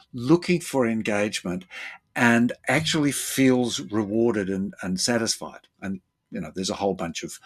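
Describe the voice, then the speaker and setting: A man talking through his ideas as a therapist in an easy conversational way. He thinks out loud with fillers and restarts, and slips into other people's voices with sudden pitch jumps. His pitch sits in the middle range for a man. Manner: thinks aloud with fillers and repeated words. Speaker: therapist and guest. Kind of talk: conversational explanation.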